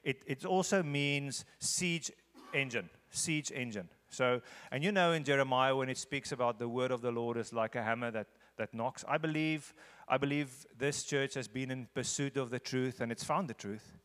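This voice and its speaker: A man addresses a church congregation as a visiting speaker. His voice sits at an ordinary middle pitch and he talks earnestly, repeating phrases to drive them home. The sound rings with the long reverb of a big sanctuary. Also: moderate pace, fairly bright tone. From South Africa. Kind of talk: conversational church talk leading into a sermon. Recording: echoey church hall.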